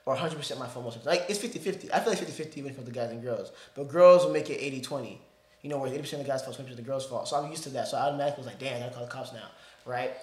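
This male podcast host races through a meandering tale at medium pitch, the sound roomy around him. His talk is lively and slang-heavy, with plenty of "bro" thrown in.

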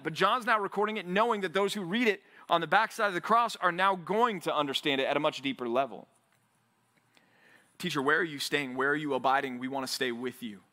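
A male pastor preaching to a men's Bible study, energetic and animated, acting out quotes and building to near shouts when he urges. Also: high-pitched. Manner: acts out biblical quotes in an animated voice. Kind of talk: sermon.

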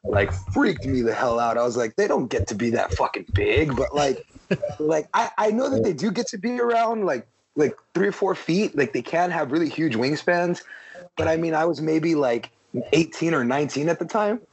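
A man's voice: fairly high pitch, expressive, normal speed, poor audio. A man in a casual podcast chat, rambling with lots of fillers and freely swearing. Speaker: podcast panelist.

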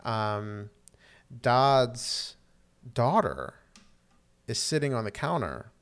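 Male co-host, casual recap chat, mid-pitched, rambling with filler words. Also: sing-song, drawn-out words, fairly bright tone, smooth. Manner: rambling, many "um"s and restarts, acts out quotes.

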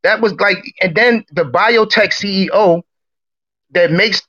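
A man on a live talk room line who argues hard and rambles in slang. His voice is high and bright. It comes over a dull, lo-fi connection. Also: measured pace. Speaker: caller. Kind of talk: heated casual argument.

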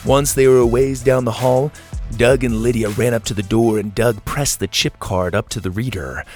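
A man narrating a children's science fiction storybook in a gentle, expressive way. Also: mid-range voice, normal speed, faint music behind.

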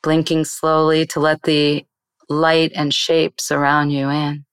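Smooth, dry-voiced woman meditation teacher. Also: low-pitched, completely flat delivery, no room sound. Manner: slow, soothing guiding voice. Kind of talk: interview, then guided meditation.

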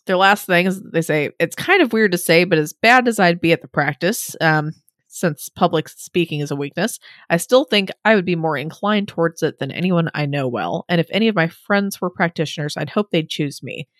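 A young adult woman co-hosting a podcast, reading listener submissions with relaxed, rambling asides and frequent laughs. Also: lowish voice, normal speed, dry recording, studio quality. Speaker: podcast co-host.

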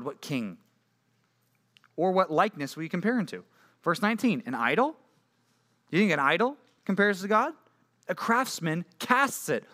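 A young man preaching a sermon to junior high students in an animated, conversational way, full of rhetorical questions. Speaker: youth pastor.

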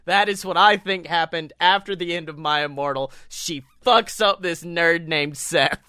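Man, podcast co-host, casual comedic storytelling, bright tone, slightly high voice. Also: normal speed, clean tone, dry recording, studio quality. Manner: rambling, animated storytelling with lots of "like" and swearing.

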